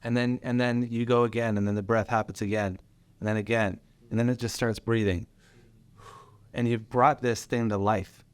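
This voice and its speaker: A man's voice: medium pitch, normal speed, smooth, no echo. A man with a mid-range voice telling business stories. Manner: animated storyteller, swears freely. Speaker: podcast host and business owner. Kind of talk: casual podcast conversation.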